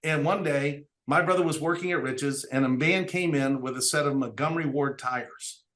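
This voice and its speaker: Middle-aged business owner guest, earnest storyteller, voice sits a bit high. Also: male voice, normal speed, fairly bright tone. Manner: earnest, tells stories with quoted dialogue. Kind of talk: storytelling interview talk.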